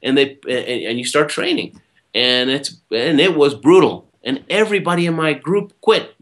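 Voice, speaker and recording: Bright, emphatic male motivational speaker. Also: a little high, expressive, normal speed. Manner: punctuates points with "right?"; emphatic, swings loud and soft. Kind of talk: animated storytelling talk.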